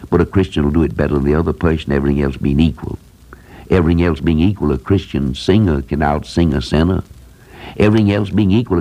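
Older male radio preacher, dark and raspy, earnest and emphatic. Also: low voice. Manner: earnest, rising to emphatic repetition. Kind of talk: radio sermon.

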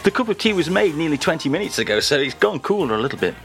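A man's voice: rapid-fire, over music. A man hosting a playful, joking chat at a table. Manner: playful, joking, lively rises in pitch. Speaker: host. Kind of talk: casual chat.

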